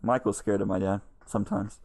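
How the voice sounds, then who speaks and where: A young man co-hosting a casual podcast chat, telling animated stories and laughing often. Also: fairly low pitch, fairly quick, vocal fry, crowd noise. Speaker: podcast co-host. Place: lives in Texas.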